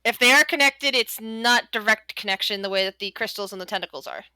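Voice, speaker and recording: A woman narrating a tabletop game as game master, describing events with pauses and small self-corrections. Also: on the high side, pushed and bright, clear, resonant tone, no echo.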